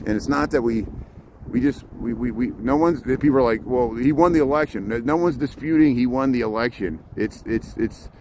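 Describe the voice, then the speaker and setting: With faint traffic and street noise in the background, a walking livestream host films on his phone in a city park at dawn. His medium-pitched voice is brisk, and he rambles, repeats words and restarts, slightly out of breath.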